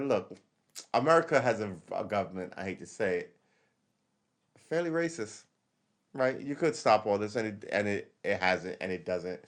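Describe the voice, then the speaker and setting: Rambling man hosting a live stream. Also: lowish voice. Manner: rambling, self-correcting, reads chat aloud. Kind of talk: casual rambling commentary.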